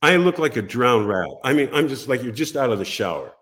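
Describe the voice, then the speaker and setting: Older man, podcast guest, lively storyteller, very varied pitch, plays out quoted voices. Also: brisk, slightly rough. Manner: animated, acts out quoted voices. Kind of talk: casual storytelling.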